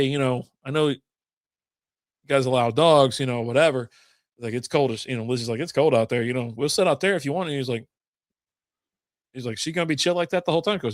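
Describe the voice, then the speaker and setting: A man's voice: mid-range voice, no echo. Male co-host, loose rambling storyteller, dry close mic. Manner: rambling storyteller, swears a lot. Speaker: podcast co-host. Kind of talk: casual chat over beers.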